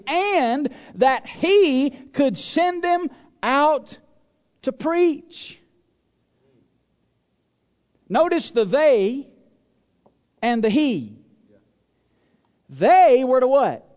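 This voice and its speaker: High-voiced preaching man, emphatic. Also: long reverb tail. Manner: emphatic preaching, asks the congregation to answer aloud; swings between loud stressed phrases and low quiet asides. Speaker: pastor. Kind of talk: sermon. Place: church.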